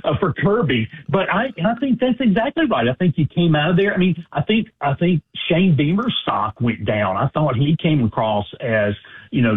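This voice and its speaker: Man, radio guest on a tinny phone line, halting and full of restarts, husky voice. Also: mid-range voice. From Alabama. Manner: halting, many restarts and fillers. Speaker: guest, sports agent and author. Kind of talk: casual radio talk.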